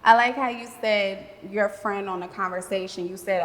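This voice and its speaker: A woman hosting a podcast in casual chat, talking in an expressive, emphatic and candid way. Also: medium pitch, moderate pace, in a large hall. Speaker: podcast host.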